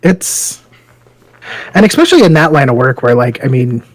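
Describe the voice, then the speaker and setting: A man's voice: medium pitch, big pitch swings, normal speed, dry recording, low-quality recording. A man co-hosting a podcast, chatting casually, telling stories with profanity and frequent laughter. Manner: profane, storytelling, laughs often. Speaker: podcast co-host. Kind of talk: casual chat.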